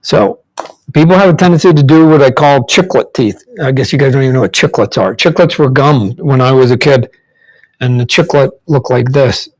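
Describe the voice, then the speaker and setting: A man's voice: medium pitch, normal speed, darkish tone, low-quality recording. Man giving a rambling drawing lesson. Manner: rambling, repeats words, talks while drawing; demonstrates mouth sounds and faces. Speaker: comic book artist teaching drawing. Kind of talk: casual live drawing demonstration.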